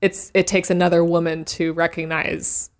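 Woman, podcast guest, lower voice, enthusiastic casual chat, lots of fillers. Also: little pitch movement, normal speed. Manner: enthusiastic, laughs easily, many fillers.

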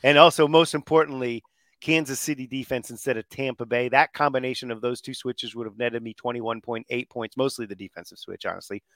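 A man's voice: mid-range voice, steady tone, brisk, fairly bright tone, dry recording. An upbeat man co-hosts a sports podcast and works through stats and picks in casual banter. The sound is close and dry. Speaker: podcast co-host.

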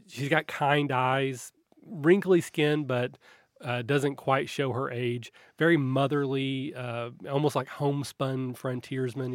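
A man's voice: medium pitch, dry recording, clean studio sound. A man running a tabletop game as game master, describing scenes in a loose, rambling way with frequent restarts.

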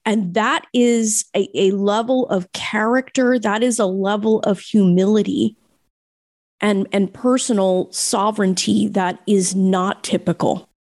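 A woman's voice: mid-range voice, steady tone, measured pace, darkish tone, no room sound, clean studio sound. Effusive American woman podcast host. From United States. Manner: effusive, emphatic, self-described nasal voice. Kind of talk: podcast interview.

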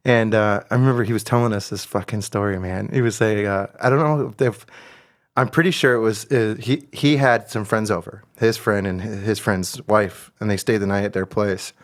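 A man's voice: lowish voice, fairly even intonation, normal speed. A young adult man hosting a podcast, telling a story in casual chat and swearing freely. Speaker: podcast host.

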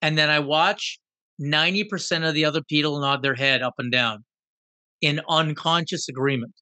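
A man telling a story in a conversation, animated and fond of rhetorical questions. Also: a little high, moderate pace, dry recording. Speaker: guest.

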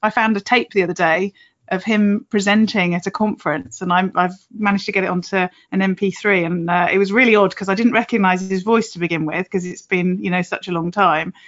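A woman's voice: medium pitch, steady tone, fairly quick, lo-fi sound. A woman in her late forties, hosting an interview, speaking reflectively and laughing easily. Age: late 40s. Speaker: interviewer, podcast host. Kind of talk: casual interview chat.

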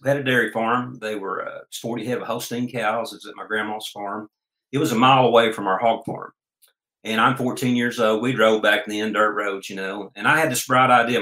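A man's voice: on the low side, pushed and bright. A man from Oklahoma, telling homespun stories as an interview guest in an earnest, folksy way. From Oklahoma, USA. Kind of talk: storytelling interview chat. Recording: roomy echo.

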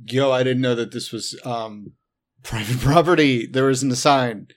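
A man's voice: medium pitch, steady tone, measured pace. A man playing a tabletop role-playing game, joking and irreverent as he describes his character's actions. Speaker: player.

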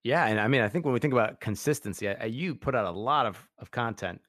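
A man's voice: mid-range voice, expressive, quick pace, a bit bright, no echo, clean studio sound. A man hosting a casual interview, enthusiastic and full of fillers like "like" and "you know". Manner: enthusiastic, heavy use of "like" and fillers. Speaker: podcast host.

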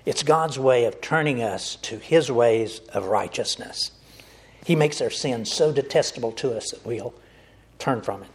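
A man delivers an earnest sermon in a husky, slightly rough voice. He speaks to his listeners directly and calls them folks. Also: medium pitch, a little slow. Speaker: preacher.

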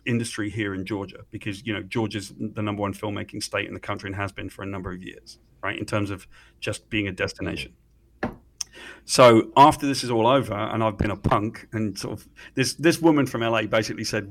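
A middle-aged man, an interview guest telling stories excitedly, swearing freely and often restarting his sentences. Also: fairly low pitch. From Britain. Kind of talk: animated storytelling in conversation.

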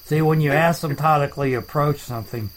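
A man hosting a comedic chat show, rambling deadpan and making up silly words. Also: a little high, a little fast, poor audio. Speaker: podcast host.

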